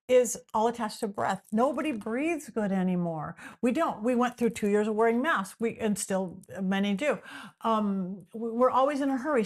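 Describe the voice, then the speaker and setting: A woman talking as a podcast guest, explaining her ideas in animated, repetitive lists and sometimes acting out the voices of imagined people. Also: fairly high pitch. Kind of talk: explanatory interview talk.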